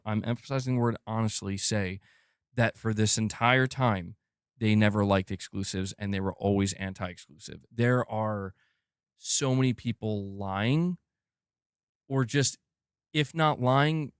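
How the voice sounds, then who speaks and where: A lowish, clear, resonant male voice comes through with no room sound and studio quality. He hosts a live gaming news stream, delivering an animated, meandering opinion rant packed with "like" and occasional curses.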